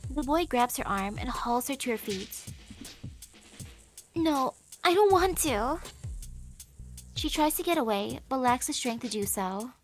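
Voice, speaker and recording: A woman streaming as a guest, narrating a visual novel aloud in steady storytelling. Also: fairly high pitch, normal speed, hardly any pauses, faint music behind. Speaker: vtuber guest.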